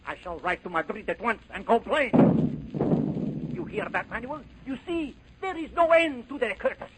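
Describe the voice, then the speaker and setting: A man's voice: very high voice, lively intonation, normal speed, very noisy. An actor playing a vain, pompous male Spanish island governor in 1930s radio acting, with a put-on Spanish accent and grandiose, fussy delivery. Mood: indignant. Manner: grandiose, fussy, self-important.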